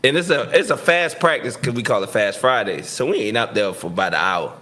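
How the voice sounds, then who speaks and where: A man, a football player guest, telling a story in a casual, slangy and animated way, laughing as he goes. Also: mid-range voice, fairly quick. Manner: slangy, lots of "right?" and "you know what I'm saying". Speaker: guest, pro football receiver.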